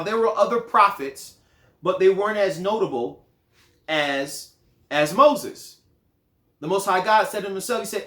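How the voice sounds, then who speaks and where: A man teaching a Bible lesson in a sermon style, animated, acting out quotes in lively voices. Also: high-pitched. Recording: echoey room.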